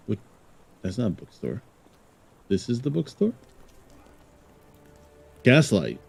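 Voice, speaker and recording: A man's voice: medium pitch, huge pitch swings, slow, creaky, pauses often, darkish tone, husky. A man streaming a game, joking and rambling casually while reading game text aloud. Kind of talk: casual let's-play commentary.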